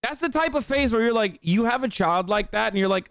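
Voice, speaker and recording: A man hosts a live reaction stream. He talks in a quick, crude, joking way. His voice sits slightly high and rings smooth and clear. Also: expressive, fairly bright tone, no room sound, studio quality. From United States. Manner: fast, joking, crude and blunt. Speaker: streamer host reacting to a video. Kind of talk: casual reaction chat.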